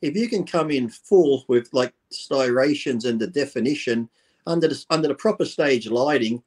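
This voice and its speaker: A man's voice: mid-range voice, lively intonation, normal speed, darkish tone. A man talking as a podcast guest in a middle-of-the-road voice, plain-spoken and blunt. He drops swear words freely and acts out the people in his stories with quoted lines, in a loose conversational tone. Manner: blunt, swears, tells anecdotes with quoted dialogue. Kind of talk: casual interview storytelling.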